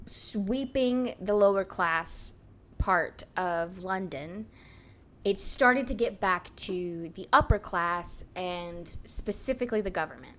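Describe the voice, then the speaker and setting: Chatty young woman telling a story. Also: mid-range voice. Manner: animated, laughs often, many fillers. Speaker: podcast co-host. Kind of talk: casual storytelling chat.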